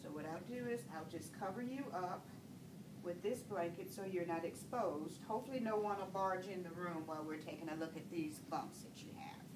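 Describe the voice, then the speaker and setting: Woman nursing teacher walking a patient thru vitals, calm, roomy echo. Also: on the low side, normal speed. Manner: calm, step-by-step instructions to a patient. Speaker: nursing instructor. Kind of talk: clinical skills demonstration. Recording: echoey room, far from the mic, noisy.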